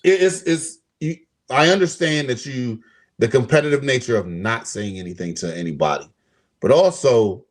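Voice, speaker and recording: Young male co-host, casual and profane, voice jumps up and down a lot; plays other people in his stories. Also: moderate pace. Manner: animated, profane, acts out quotes with big pitch jumps. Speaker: podcast co-host. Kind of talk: casual sports talk stream.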